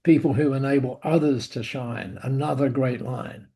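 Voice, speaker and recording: A man's voice: mid-range voice, steady tone, normal speed, gravelly, dark tone. A man giving an online webinar talk, telling a story in a chatty way with asides and restarts. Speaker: webinar speaker. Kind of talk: online presentation. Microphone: video call.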